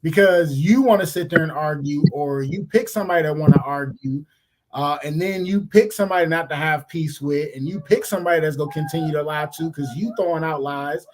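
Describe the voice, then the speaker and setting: Brief: high-pitched man, blunt slangy podcast chatter, faint hiss behind. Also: a little fast, low-quality recording. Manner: blunt, animated, heavy slang and profanity. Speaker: podcast co-host. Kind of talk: casual podcast chat. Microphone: remote stream mic.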